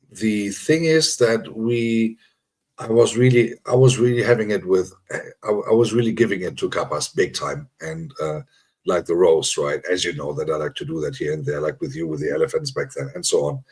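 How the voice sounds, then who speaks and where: A man's voice: low-pitched, expressive, normal speed, darkish tone, husky. A man hosting a casual live chat, teasing his viewers, laughing often and repeating himself as he talks. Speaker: livestream host.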